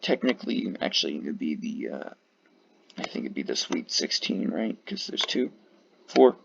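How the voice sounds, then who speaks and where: A man's voice: very deep voice, sing-song, normal speed, creaky, a little hiss or hum. A tired man giving casual, rambling commentary full of fillers and the odd curse while ranking flags. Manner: rambling, profane, many fillers. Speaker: video creator ranking flags. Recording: dull lo-fi mic.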